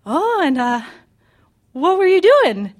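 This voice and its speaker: A woman voicing an excitable, fussy middle-aged mother who asks high, wide-eyed questions. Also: takes it slowly, heavily acted. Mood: curious.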